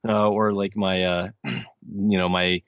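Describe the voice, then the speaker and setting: A man's voice: low voice, level tone, takes it slowly, clear, resonant tone, no echo, clean studio sound. A man in his thirties, an audiobook narrator being interviewed, talking earnestly and rambling with many restarts. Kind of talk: casual interview chat. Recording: slightly dull lo-fi sound.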